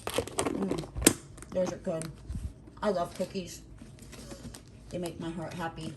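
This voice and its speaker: A woman's voice: fairly low pitch, little pitch movement, slow pace, heavy background noise. A middle-aged woman chatting casually at home as she opens mail for her craft vlog, teasing and exclaiming often. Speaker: craft vlogger. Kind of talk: casual chat while opening mail.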